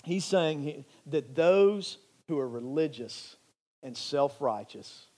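High-voiced man preaching a sermon. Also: animated, slow, darkish tone. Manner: earnest, emphatic, repeats phrases for emphasis. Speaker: pastor.

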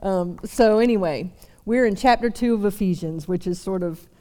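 A woman's voice: medium pitch, normal speed, warm tone. A young woman preaching a sermon to a seated congregation, chatty with self-deprecating asides. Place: church service before a seated audience.

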